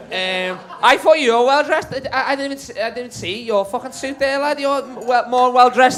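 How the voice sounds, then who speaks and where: A man with a high-pitched voice works the room at a comedy club, firing off brash, sweary banter at the audience. His voice comes through a stage mic, with a live crowd audible behind it. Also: fairly quick, few pauses, a bit bright. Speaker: stand-up comedian. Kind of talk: live stand-up crowd work.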